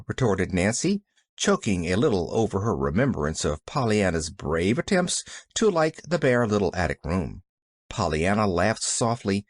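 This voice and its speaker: An audiobook narrator reading a classic novel with expressive storytelling. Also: mid-range voice, a little slow, dry recording, clean studio sound. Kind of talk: scripted narration.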